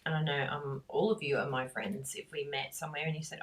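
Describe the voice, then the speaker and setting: A middle-aged woman, hosting a craft class and chatting in a rambling, warm way that breaks into laughs. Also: low voice, level tone, quick pace, few pauses, far from the mic, slight background noise. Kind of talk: chatty talk while crafting.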